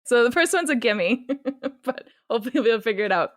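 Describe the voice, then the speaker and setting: A woman's voice: fairly high pitch, lively intonation, fairly quick, fairly bright tone, no room sound, studio quality. Playful Californian woman hosting a game. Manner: playful, bossy game-host delivery. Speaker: podcast co-host running a game. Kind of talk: casual chat.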